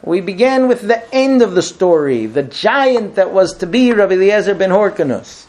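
A man's voice: high-pitched, animated, moderate pace, a little mellow. A middle-aged man giving a Torah class, telling stories emphatically with frequent restarts. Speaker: Torah teacher.

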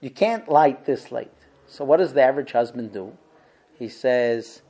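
Male religious teacher, storyteller who acts out every character, lively and expressive. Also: mid-range voice, normal speed. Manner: acts out characters with big swings from shouts to hushed whispers. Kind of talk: animated storytelling lesson.

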